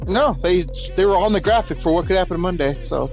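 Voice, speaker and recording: Lively higher-voiced man cracking dry quips. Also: fairly quick, music in the background. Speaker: podcast co-host. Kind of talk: casual wrestling podcast chat.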